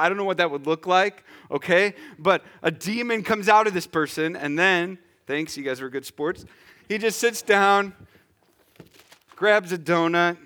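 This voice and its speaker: Guy preaching, chatty and animated, acts stuff out, kinda high bright voice. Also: unhurried. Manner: lively, conversational, acts out scenes. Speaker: pastor. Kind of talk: sermon.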